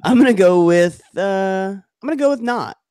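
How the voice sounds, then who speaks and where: Joking higher-voiced man on a podcast. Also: animated, normal speed, a crowd in the background. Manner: joking, laughs easily, thinks aloud with fillers. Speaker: podcast co-host and quiz contestant. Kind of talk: casual chat.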